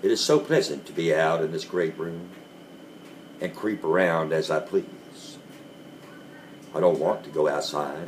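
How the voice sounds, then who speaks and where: Man, very deep voice, unhurried dramatic story reading, deliberate pauses. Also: slight background noise. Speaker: reader.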